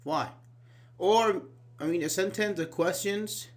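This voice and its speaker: A man's voice: high-pitched, slow pace. A man teaching an online English grammar class, explaining patiently, repeating key words and asking students questions, with many fillers like "actually".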